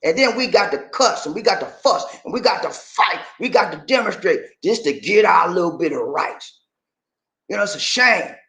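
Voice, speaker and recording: A man's voice: high voice, creaky. Fired-up preachy man in an echoey room. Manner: preachy, repetitive, swings between shouting and sighing. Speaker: YouTube dating channel host. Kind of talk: impassioned vlog rant.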